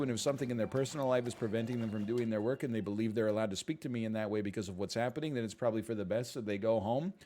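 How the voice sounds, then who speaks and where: A man reading out a post and then rambling through casual reaction commentary, full of fillers and asides. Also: mid-range voice. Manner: animated, rambling, frequent fillers and laughs.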